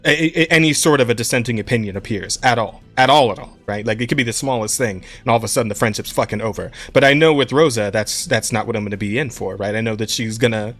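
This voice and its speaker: A man hosting a casual podcast stream, relaxed and rambling, swearing freely as he talks to chat. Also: mid-range voice, fast, hardly any pauses, faint music behind. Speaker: podcast host.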